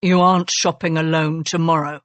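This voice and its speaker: A woman voicing a blunt, self-made Regency husband who speaks low and soft with dry command, in an audiobook. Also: flat delivery, moderate pace, no room sound, close to an everyday voice.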